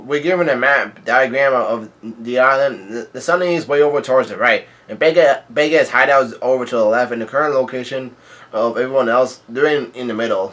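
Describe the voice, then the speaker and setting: A man's voice: medium pitch, a bit bright. Man casually retelling a comic chapter. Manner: rambling, halting, with restarts and laughs. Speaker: video host.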